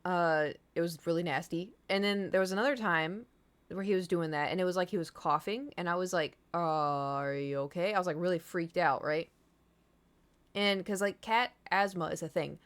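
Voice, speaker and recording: A woman streamer with a lowish, clear, resonant voice talks to her viewers at a normal speed. She rambles through a long casual story, packing it with fillers and blunt, candid swearing.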